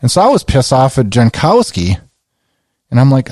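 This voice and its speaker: A man hosting a podcast, giving a casual game recap and excitedly retelling his own reactions in a conversational way. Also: mid-range voice, normal speed, no room sound, studio quality. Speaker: podcast host.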